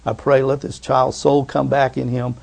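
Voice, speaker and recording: A man voicing a weary male prophet praying over a dead child, in a pleading, gravelly voice. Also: mid-range voice, little pitch movement, moderate pace, a little mellow. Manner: pleading prayer.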